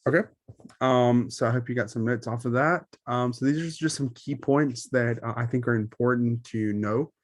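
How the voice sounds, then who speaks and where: A man's voice: mid-range voice, moderate pace, no echo, clean studio sound. A man teaching Spanish grammar in an online lesson, explaining slides with many ums and self-corrections.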